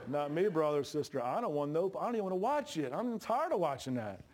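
A man's voice: fairly high pitch, noisy background. Joking, folksy male preacher. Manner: folksy, joking preacher with Southern-style colloquial grammar. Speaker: pastor. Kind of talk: sermon. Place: church sanctuary. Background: congregation responses.

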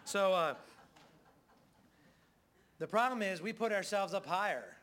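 A man's voice: sits high, expressive, unhurried, a bit bright. A middle-aged man preaching a sermon as pastor, in a folksy, conversational way with frequent calls of amen.

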